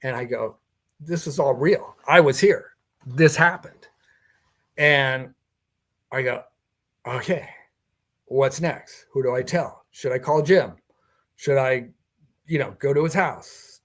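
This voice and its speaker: A man's voice: mid-range voice, takes it slowly, pauses often, fairly bright tone. An older man telling a personal story in a podcast interview, acting out the dialogue and chuckling as he goes. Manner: recounting a personal encounter with quoted dialogue and chuckles. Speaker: guest.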